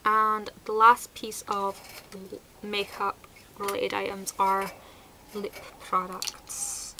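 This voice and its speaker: A woman's voice: medium pitch, flat delivery, slow pace, noisy background. A woman chatting casually through a product review, enthusiastic and sprinkled with fillers. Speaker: beauty vlogger.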